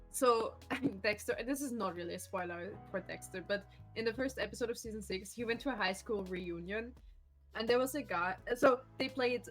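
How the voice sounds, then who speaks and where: A woman's voice: mid-range voice, rough recording. Laughing, swearing woman streamer at home. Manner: laughs often, animated storytelling, swears freely. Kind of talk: casual stream chat.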